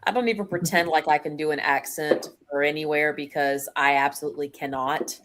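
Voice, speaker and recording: A woman's voice: low-pitched, steady tone, brisk, noisy background. A woman hosting a casual live chat stream over a video call, chatty and laughing easily. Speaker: host.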